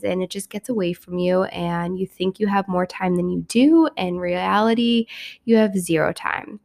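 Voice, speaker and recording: A young adult woman hosting a casual solo podcast, hoarse and raspy from a cold, chatty and joking at her own expense. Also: mid-range voice, a little mellow. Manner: chatty, self-mocking, upbeat. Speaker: podcast host.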